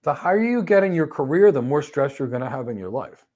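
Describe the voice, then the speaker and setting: A man's voice: on the high side, quick pace. A middle-aged man hosting a question and answer session, giving career advice and acting out little stories with quoted voices. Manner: animated storytelling, acts out quoted people. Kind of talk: live Q&A advice talk.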